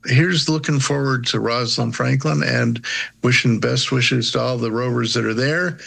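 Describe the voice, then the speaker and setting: Man with a gravelly voice. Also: mid-range voice, fairly even intonation, fairly bright tone. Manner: playful, halting with fillers. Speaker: space science co-host. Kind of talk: casual podcast chat.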